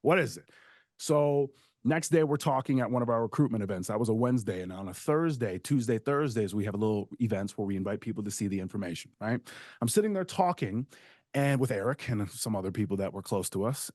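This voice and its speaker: Low-voiced man telling a rambling story. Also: fast, no echo, clean studio sound. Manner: rambling, animated storyteller who keeps asking "right?". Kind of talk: casual podcast storytelling.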